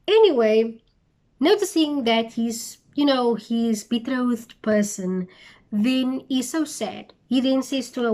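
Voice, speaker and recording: A woman's voice: fairly high pitch, animated, slow pace, darkish tone. A young woman retelling a Bible story for her channel, with chatty, incredulous asides.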